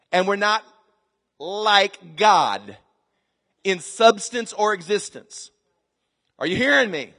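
A middle-aged male pastor with a high voice delivers a sermon in a large church. His voice swings between quiet asides and shouted scripture. A long reverb hangs after each phrase. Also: expressive, brisk. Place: large church hall with live congregation.

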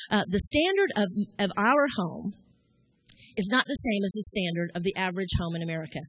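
Woman, middle-aged, sermon, folksy storyteller, breathy voice, dry room. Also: medium pitch, lively intonation, fast talker, no room sound. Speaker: church speaker.

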